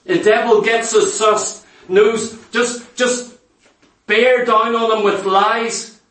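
A man's voice: high-pitched, fairly even intonation, slow, fairly bright tone. A man preaching a sermon, pressing the congregation with emphatic rhetorical questions. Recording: echoey hall, mic far off.

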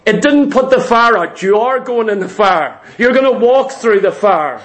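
A male preacher with a notably high voice delivers an emphatic sermon. He drives his points home with repetition and asks one rhetorical question after another. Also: animated, normal speed, a bit bright.

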